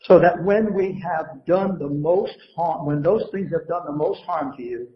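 A man's voice: on the high side, unhurried, echoey room, dull audio. A man preaching a sermon to a congregation, building emphasis and asking the crowd questions. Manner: preaching with rising emphasis and call-and-response questions. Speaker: pastor. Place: church sanctuary.

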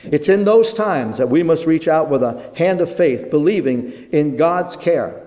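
Earnest preacher in a reverberant church. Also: male voice, a little high, lively intonation, mellow. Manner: earnest, rhythmic preaching with dramatic pauses. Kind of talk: sermon. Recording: long hall reverb.

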